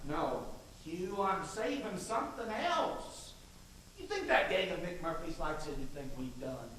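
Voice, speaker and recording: An actor playing a brash, domineering state governor, swaggering and coarse, on an echoey stage recorded from afar. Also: male voice, on the high side, sing-song, a little slow, a bit bright. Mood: forceful. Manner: swaggering, boisterous, coarse and persuasive. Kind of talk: stage play acting. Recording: echoey stage miked from far, faint noise.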